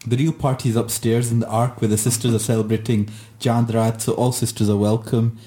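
A man's voice: mid-range voice, little pitch movement, brisk, mellow. A man hosting a panel show, reacting briefly to guests and reading out listener messages. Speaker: host.

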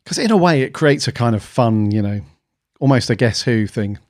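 A man's voice: mid-range voice, animated, normal speed, darkish tone, no echo, clean studio sound. A man co-hosting a podcast in casual chat, musing aloud with many fillers. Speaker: podcast co-host.

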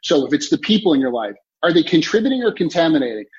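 In a motivational interview, a man working as a time coach drives his points home by emphatically repeating key phrases in a coaching tone. His slightly high voice is very animated, fast and darkish, and he clears his throat and sounds choked up. The muffled, lo-fi audio suggests a remote connection.

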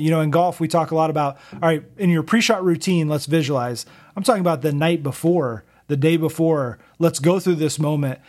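A man co-hosting a podcast, a golf coach asking long, earnest questions in a measured way. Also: fairly high pitch, darkish tone. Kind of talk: interview questions.

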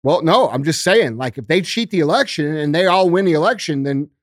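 A man ranting as a podcast guest, profane and forceful. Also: a little high, lively intonation, fairly quick, dry recording, studio quality. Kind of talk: heated podcast rant.

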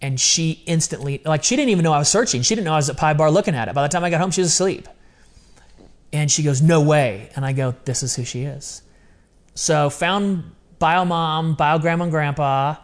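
A man in his fifties with a fairly high voice tells a personal story in conversation. He is earnest and animated, and he slips into his own remembered words as he goes. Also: fairly quick. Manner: earnest, animated, quoting himself. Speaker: guest telling his adoption story.

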